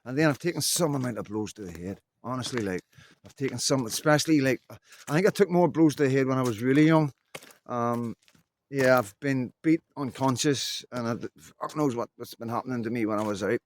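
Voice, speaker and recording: A man's voice: mid-range voice, a little fast, slight background noise. A middle-aged man, rambling casually in an unscripted vlog and leaning on fillers. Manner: rambling, loose talk full of "you know what I mean" fillers. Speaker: vlogger.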